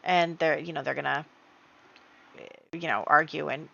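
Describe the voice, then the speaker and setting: Recorded on a dull lo-fi home mic with no echo, a woman with a fairly low, gravelly voice that's a bit bright and steady chats through her gaming story. She uses lots of fillers and slips in quick acted lines.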